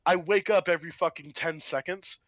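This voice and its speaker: A man with a bright, ringing, slightly high voice rambles through a story, swearing freely and laughing as he goes. The sound is close and dry, with no room behind it. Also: brisk, no room sound, dull audio. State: recovering from illness. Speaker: podcast co-host. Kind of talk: casual chat.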